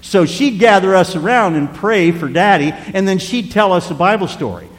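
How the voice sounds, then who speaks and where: A man in his sixties preaching a sermon, telling a personal story with animated delivery that drops to a hush at tender moments. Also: sits high, moderate pace, in a large hall. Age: 60s. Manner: animated, drops to hushed tones for emotional moments.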